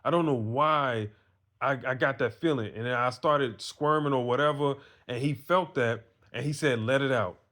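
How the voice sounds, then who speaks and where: A man speaks straight to other men in a loose, earnest monologue. He tells his own story plainly, then preaches his point with blunt conviction and the odd curse. His voice sits at an everyday middle pitch. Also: moderate pace, fairly bright tone. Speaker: vlogger giving advice to men.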